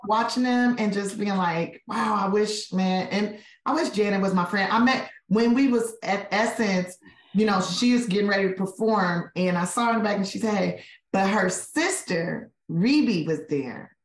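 A woman comedian and actress, a podcast guest, telling stories in a lively, expressive way and acting out the voices of other people. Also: mid-range voice, normal speed. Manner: expressive storyteller, acts out voices. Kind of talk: casual chat. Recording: roomy echo.

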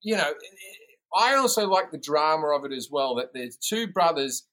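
An Australian man spins swearing-heavy anecdotes in a loose podcast chat. His voice sits a little high, and he jumps into quick impressions of the people in his stories. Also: poor audio. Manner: swearing, animated storyteller who imitates people. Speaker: comedian podcast guest. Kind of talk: casual storytelling chat.

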